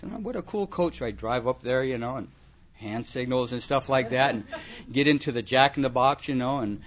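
A man with a mid-range voice and moderate pace tells funny stories from his life to a recovery meeting, rambling and constantly dropping "you know" and "man." The recording is muffled, with the audience laughing in the background.

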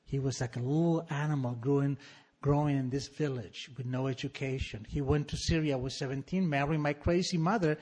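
A man in his sixties telling a personal recovery story to an audience in an animated, wry, emphatic way. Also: medium pitch, brisk. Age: 60s. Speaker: speaker sharing a recovery story.

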